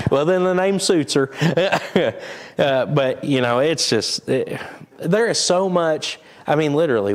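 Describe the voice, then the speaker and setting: A middle-aged man, a church pastor chatting casually and rambling with the congregation, chuckling often. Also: a little high.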